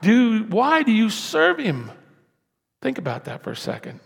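A male pastor preaching in a church sanctuary, his voice gravelly and a touch higher than most men's. He shifts from quiet, hushed asides to loud, emphatic pushes. The sound carries a long reverb from the hall. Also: wildly swooping pitch, measured pace. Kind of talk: sermon.

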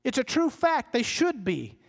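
High-voiced pastor in a reverberant hall. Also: male voice, wildly swooping pitch, a little slow, creaky. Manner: conversational, self-deprecating, acts out quoted voices. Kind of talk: sermon.

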